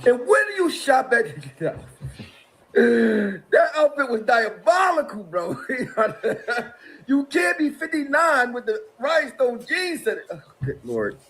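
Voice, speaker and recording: Middle-aged man, high and very animated, mocking, exasperated call-out rant with laughs between jabs. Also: takes it slowly. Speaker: interview guest.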